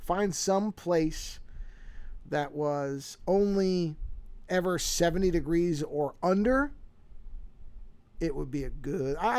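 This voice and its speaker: A man's voice: fairly high pitch, darkish tone. A man chatting casually on a livestream from his home office desk, rambling and interrupting himself with restarts and repeated words. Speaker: streaming artist. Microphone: desk microphone.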